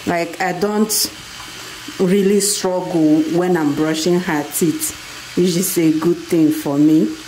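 A Nigerian woman filming a casual family vlog at home, gently coaxing her child and laughing often. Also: lowish voice, fairly even intonation, takes it slowly, slight background noise, low-quality recording. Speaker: family vlogger, mother.

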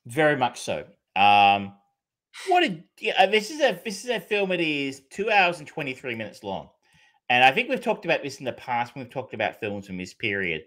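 A man's voice: mid-range voice, wildly swooping pitch, normal speed, a bit bright. Rambling male film podcast host. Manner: rambling, many fillers and restarts, swears casually. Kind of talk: casual film review chat.

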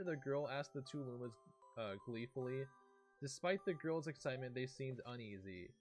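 A man's voice: medium pitch, normal speed, soft background music. A young man streaming a game, reading a storybook aloud and often breaking off to chat and react.

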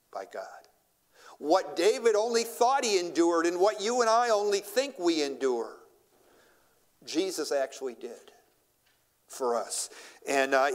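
Man preaching a sermon, reading scripture. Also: a little high. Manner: reads scripture aloud, then paraphrases it in plain speech with repeated "and, and". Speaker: pastor. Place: church sanctuary.

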